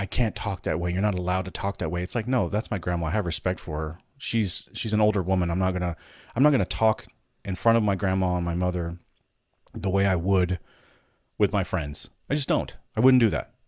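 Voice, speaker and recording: A man's voice: sits low, dry recording, studio quality. A man hosting a weekly gaming news show, talking in a rambling, profane, casual way with frequent restarts. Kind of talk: casual solo commentary.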